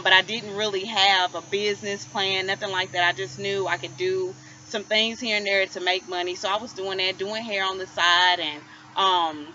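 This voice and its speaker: A woman's voice: medium pitch, pushed and bright. A woman in her thirties candidly telling her personal story as a vlogger, earnest and emotional. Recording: slightly muffled, faint hiss.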